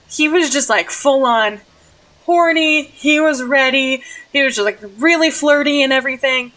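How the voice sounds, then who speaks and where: Bubbly high-voiced young woman. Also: a bit bright, poor audio. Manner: bubbly and giggly, with frequent "like" fillers. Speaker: streamer recapping a role-play game. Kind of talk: casual storytelling vlog.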